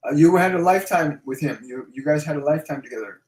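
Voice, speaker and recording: Male medium hosting a livestream Q&A, slightly higher voice, echoey room. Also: a little mellow. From Canada. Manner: repeats phrases, slow and emphatic when relaying messages. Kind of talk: live stream Q&A, relaying messages.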